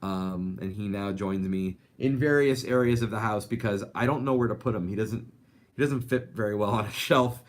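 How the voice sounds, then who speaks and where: A man hosting a live animation talk show, chatting casually and reading out viewer comments with lots of fillers. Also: on the low side. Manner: chatty, upbeat, rambling with many fillers.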